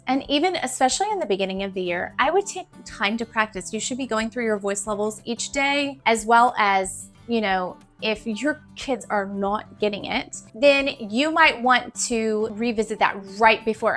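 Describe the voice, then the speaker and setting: A young woman teacher talks straight to the camera in a chatty, encouraging way, repeating her points for emphasis. Her voice sits a little on the high side. Soft music plays faintly behind her. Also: normal speed. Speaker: teacher giving classroom tips. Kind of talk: casual advice to camera.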